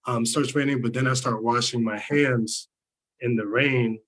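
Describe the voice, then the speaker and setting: A man's voice: mid-range voice, fairly even intonation, measured pace, a bit bright, rough recording. A man doing a stand-up set over a video call, rambling with lots of "like" and "um". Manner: rambling, filler-heavy, lots of "like" and "um". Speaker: stand-up comedian.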